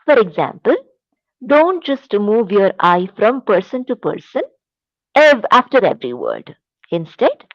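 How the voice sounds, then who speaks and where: A woman teacher with an Indian English accent, giving a classroom lecture in a slow, deliberate, emphatic way. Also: mid-range voice, no echo, lo-fi sound.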